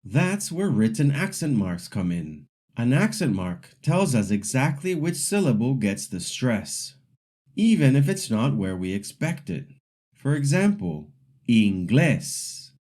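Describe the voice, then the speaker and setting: A man narrates a scripted language lesson in a patient, instructional way. His pace is unhurried, and he pauses to model each example word. His voice is mellow, with a pitch that rises and falls lively across phrases. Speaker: language teacher.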